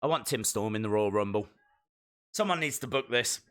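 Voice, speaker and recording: A man giving excitable, jokey live commentary while watching a show along with viewers. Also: lowish voice, moderate pace, clean tone. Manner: excitable, jokey, talks to himself. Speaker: live stream reactor.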